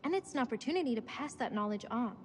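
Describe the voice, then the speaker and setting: A woman's voice: fairly high pitch, expressive, fast, lightly acted. An actress playing a tentative young woman on a film crew, speaking apologetically with a British accent.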